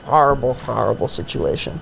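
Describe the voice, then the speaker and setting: A man's voice: medium pitch, expressive, brisk, vocal fry, fairly bright tone, slight background noise, rough recording. A man who hosts a comedy podcast, telling a profane, rambling story in a casual chat full of fillers.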